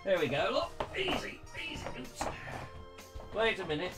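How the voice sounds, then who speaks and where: A man's voice: sits high, wildly swooping pitch, unhurried, sharp tone, soft background music. A man hosting his live show, talking casually and playfully, rambling from one joke to the next. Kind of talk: casual live-stream chat.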